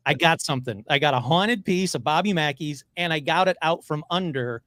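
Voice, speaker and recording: A man with a somewhat high voice talks as a guest on a podcast. He is excitable and gushing and races through his stories. The recording is dry, close and free of room sound. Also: a little fast, no room sound. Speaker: podcast guest, paranormal investigator. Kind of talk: casual interview chat.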